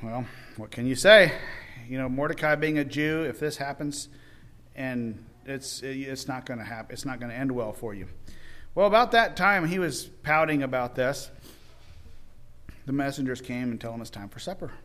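A man's voice: mid-range voice, expressive, moderate pace, fairly bright tone. A man retelling a Bible story in a folksy, informal way, often acting out the characters' voices.

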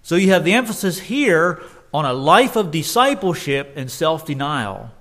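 A man's voice: a little high, very animated, moderate pace, a bit bright. A man preaching a sermon earnestly, often restarting his phrases and rising in force when he quotes scripture.

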